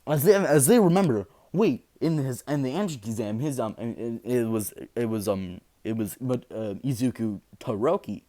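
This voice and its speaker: A man's voice: mid-range voice, normal speed, few pauses, dark tone. A young man improvising a fan story, rambling with many fillers and restarts.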